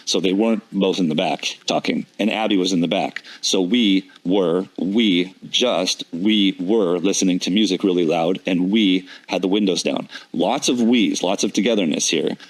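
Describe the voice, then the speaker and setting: Man, very low voice, methodical commentary, picks apart every word. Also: moderate pace, hardly any pauses, low-quality recording. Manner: methodical, repeats his points, picks apart word choices. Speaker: deception analysis commentator. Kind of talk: commentary on an interview clip.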